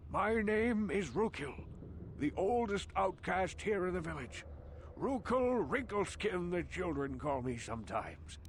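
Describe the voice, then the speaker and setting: A man's voice: sits high, sing-song, measured pace, slight background noise, full character voice. An actor playing a hundred-year-old male outcast elder in a video game, speaking in a solemn, theatrical, questioning way. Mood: musing. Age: older. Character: ancient wise male outcast elder, grandly pleading.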